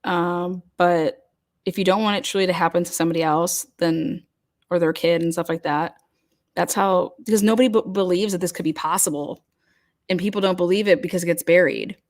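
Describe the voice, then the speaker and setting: A woman's voice: on the low side, fairly even intonation, a little fast. A woman hosting a casual livestream chat, talking loosely with many fillers and restarts as she reads comments. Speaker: host.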